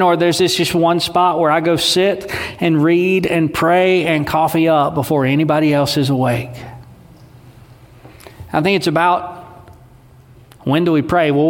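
A man, preaching a sermon in a conversational, folksy way. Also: on the high side. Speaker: pastor. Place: church sanctuary. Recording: long hall reverb.

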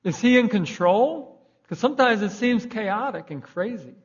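A man's voice: high-pitched, animated, normal speed, slightly rough. A young man preaching a sermon in a conversational way, raising his voice for emphasis. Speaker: pastor. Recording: dull lo-fi recording.

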